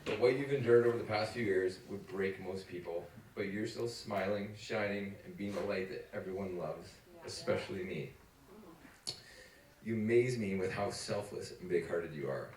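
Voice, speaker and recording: Choked-up groom in a noisy echoing room. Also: male voice, deep voice, normal speed, a little mellow. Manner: heartfelt, choked up, self-conscious. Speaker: groom giving a wedding speech. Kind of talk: emotional wedding speech. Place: wedding party at a cottage. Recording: roomy, distant, noisy room sound.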